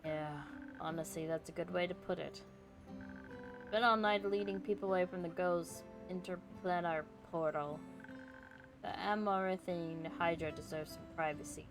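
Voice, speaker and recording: A woman voicing a weary, experienced male elf ranger who speaks quietly and tiredly. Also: steady tone, moderate pace, music in the background, close to an everyday voice. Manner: tired, low-key.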